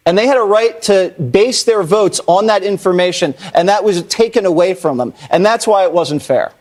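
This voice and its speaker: A man's voice: high voice, normal speed, darkish tone. A man commenting on a cable news panel in an emphatic, accusatory way.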